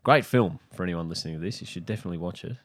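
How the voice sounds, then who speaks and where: A man's voice: low voice, racing. A middle-aged Australian man, a comedian and podcast guest, talking in a dry, wry way with some casual swearing. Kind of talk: casual chat.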